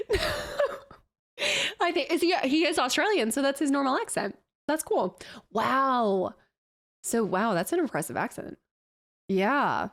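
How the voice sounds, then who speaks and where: A woman streamer reacting live in casual chat, talkative and quick to laugh at herself. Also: high-pitched, expressive, a bit bright. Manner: chatty, laughs often, self-deprecating.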